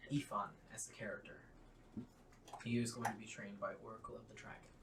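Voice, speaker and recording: A man running a tabletop game as game master, narrating in a measured, descriptive way, recorded roomy from a distance. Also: on the low side, flat delivery. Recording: roomy, distant mic, faint hiss.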